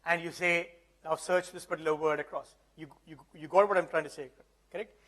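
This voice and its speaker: A man's voice: a little high, fairly even intonation, a little fast, fairly bright tone. A man presenting a live tech demonstration at an event, talking conversationally and often checking that the audience follows. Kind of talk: live tech demo talk. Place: event hall.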